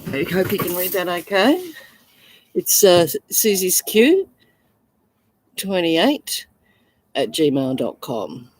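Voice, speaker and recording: Low-voiced Australian woman selling coins live. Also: very animated, slow, long pauses, darkish tone, low-quality recording. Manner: chatty, gushing, many fillers and restarts. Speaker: coin seller on a livestream. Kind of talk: casual live selling chat.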